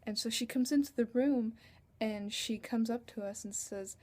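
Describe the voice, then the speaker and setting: A woman's voice: medium pitch, steady tone, moderate pace, darkish tone. A teenage girl telling a story in a casual, rambling vlog on a computer webcam, with giggles along the way. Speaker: vlogger.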